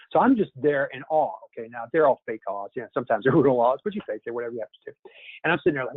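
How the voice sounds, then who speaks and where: With a medium-pitched, expressive voice that has a breathy edge, a man briskly runs a sales training, upbeat and coaching, frequently calling everyone "guys." It comes through a tinny phone line with no echo.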